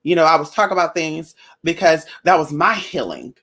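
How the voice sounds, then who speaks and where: A woman vlogger talking straight to her viewers about her own life, blunt and animated. She swears freely and keeps calling her listeners y'all, girl and honey. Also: deep voice, brisk, husky. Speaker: spiritual vlogger. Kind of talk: casual personal storytelling to viewers.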